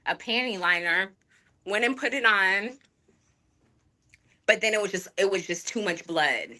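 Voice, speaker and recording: A woman tells her chat a story on a livestream, frank and rambling, breaking off to talk to viewers. Her voice is bright and forward. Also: medium pitch, measured pace. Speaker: streamer.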